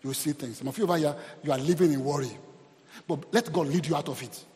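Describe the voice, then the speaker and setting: Pastor guy preaching, high voice, lots of hallelujahs, echoey hall. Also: fast, darkish tone. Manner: preaching with call-and-response exclamations. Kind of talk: sermon. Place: church hall. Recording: long hall reverb.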